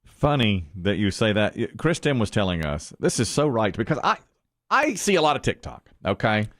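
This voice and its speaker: A man hosting a morning radio show in casual studio chat, telling stories with a loose, animated delivery and frequent laughs. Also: fairly low pitch, moderate pace, no echo.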